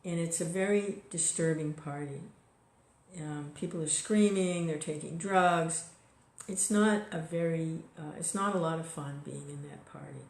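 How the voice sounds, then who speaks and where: A woman's voice: low-pitched, measured pace. A woman giving an informal devotional talk in a conversational way, full of "you know" and small restarts. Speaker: devotional speaker. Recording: echoey room recording.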